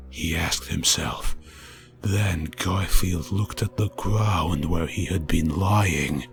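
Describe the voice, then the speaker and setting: A man's voice: deep voice, vocal fry. A man reading a children's scary story aloud in a dramatic way, building tension. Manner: dramatic, builds tension, rising to near-shouting at scary moments.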